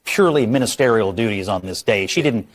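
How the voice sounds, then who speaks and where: A man's voice: on the low side, expressive, a little fast. A man on a cable news panel making pointed, argumentative remarks with dry irony. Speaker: panel commentator.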